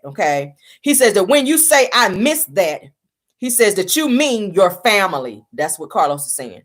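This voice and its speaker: A woman's voice: lowish voice, lively intonation, moderate pace. A woman hosting a casual reality-show recap, talking to viewers as y'all and retelling what was said. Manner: chatty, addresses viewers as y'all, retells quotes.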